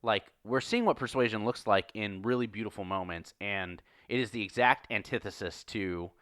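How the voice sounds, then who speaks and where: Man, lowish voice, enthusiastic podcast co-host, dry room. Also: moderate pace, fairly bright tone, no echo. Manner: earnest, enthusiastic, seeks agreement with "right?". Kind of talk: casual analytical chat.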